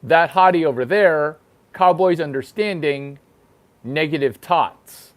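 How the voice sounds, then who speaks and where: A man's voice: fairly high pitch, lively intonation, slow pace, a bit bright. A man hosting his own show, delivering a crude, rambling comedic monologue that repeats itself. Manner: crude, provocative, repeats himself. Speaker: host. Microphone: single microphone, no sound effects.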